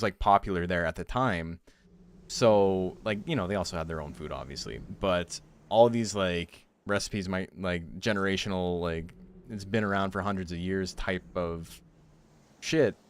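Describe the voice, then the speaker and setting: A man's voice: lowish voice, clear, resonant tone. A young man chatting casually on a game stream, rambling with lots of fillers and frequent laughs. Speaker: streamer and game tournament host. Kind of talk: casual chat while streaming.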